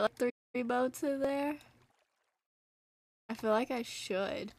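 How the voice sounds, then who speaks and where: A woman's voice: a little high, takes it slowly, long pauses, dry recording. A teenage girl streaming a game, chatting casually in a rambling, self-deprecating way. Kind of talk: casual gameplay chat.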